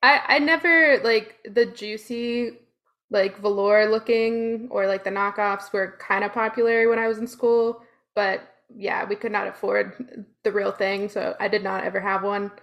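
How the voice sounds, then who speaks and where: Casual female podcaster, gravelly fry, giggly and upbeat. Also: mid-range voice, steady tone, unhurried, muffled recording. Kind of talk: casual chat.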